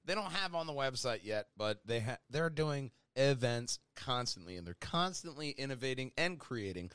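Animated, jokey male podcast host. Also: medium pitch, normal speed, clear, resonant tone, dry recording. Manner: playful, joking. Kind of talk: casual chat with ad reads.

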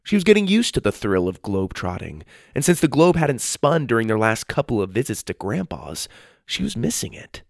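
A man narrating a children's adventure story in an expressive storytelling manner. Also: medium pitch, a little fast, creaky, no room sound, clean studio sound.

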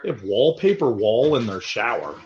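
A man's voice: on the low side, moderate pace. Guy on a podcast riffing on a movie, swearing, laughing, voice bouncing all over, echoey dull room audio. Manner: animated, crude, laughing, acts out quotes. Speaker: podcast co-host. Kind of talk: casual movie commentary chat.

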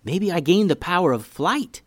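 A man voicing a skeptical, sassy young girl in a storybook reading, with quick doubtful retorts. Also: high-pitched, lively intonation, no room sound, clean studio sound, voice pushed up.

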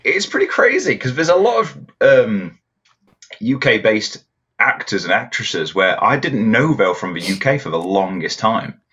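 A man's voice: on the low side, very animated, measured pace, fairly bright tone, breathy edge, highs cut off. A young English man chatting casually as a podcast guest, laughing often and stumbling over restarts. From England.

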